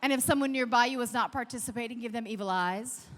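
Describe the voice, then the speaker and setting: A woman's voice: a little high, quick pace, few pauses, a bit bright, big-room sound, a little hiss or hum. A woman giving an interactive motivational keynote on a large convention stage, leading the crowd in call-and-response. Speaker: keynote speaker.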